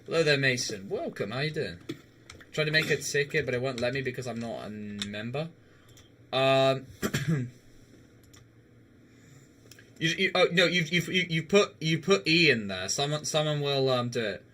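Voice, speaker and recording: A man's voice: mid-range voice, lively intonation, normal speed, sharp tone, a little hiss or hum. A young man chatting casually with viewers on a live game stream, laughing often and swearing now and then.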